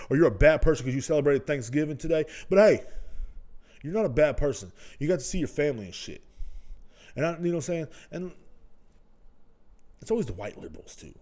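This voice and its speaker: An American man hosts his own podcast from indoors at home, ranting bluntly in a casual monologue packed with swearing. His voice is on the high side and dark in tone, and he speaks fast and animatedly.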